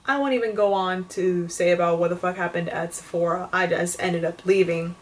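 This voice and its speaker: A woman's voice: lowish voice, fairly even intonation, brisk, far from the mic, a little hiss or hum. A young woman venting to camera in a casual rant, exasperated and swearing, with lots of "like". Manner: exasperated, profane, fillers of "like". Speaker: vlogger.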